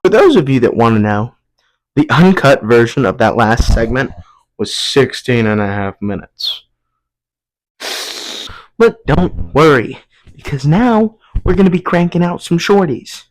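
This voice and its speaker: A man's voice: mid-range voice, big pitch swings, measured pace, pauses often, low-quality recording. A young man hosting a casual comedic vlog at home, rambling and jumping into silly voices. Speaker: vlog host. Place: at home while folding laundry.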